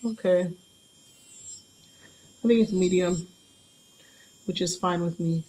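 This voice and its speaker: A young woman talks viewers through a live nail tutorial in a relaxed, chatty way. Her voice sits on the low side, and she laughs easily at her own small mistakes. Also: slow. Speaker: nail artist giving a live demo.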